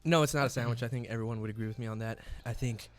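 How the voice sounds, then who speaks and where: A man's voice: medium pitch, rapid-fire. A young man casually asking questions during a hot wing challenge, upbeat and teasing. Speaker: youth group co-host.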